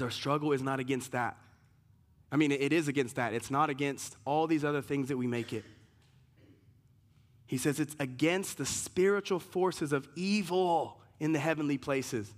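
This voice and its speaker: Man, pastor, emphatic sermon, fairly high voice, voice jumps up on scripture readings. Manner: emphatic preaching, rises sharply when reading scripture.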